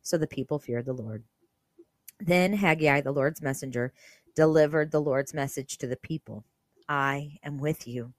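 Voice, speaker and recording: Woman podcaster with a low voice, reading the Bible aloud with earnest, casual commentary, recorded dry and close. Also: moderate pace, darkish tone, no room sound. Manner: earnest, conversational, many fillers. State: briefly emotional.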